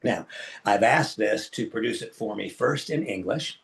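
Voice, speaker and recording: A man with a low, gravelly voice leads an online business training session. He speaks in an emphatic, preacherly way and talks straight to his audience as folks. His pitch and loudness jump suddenly for emphasis. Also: lively intonation, normal speed. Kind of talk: live online training talk.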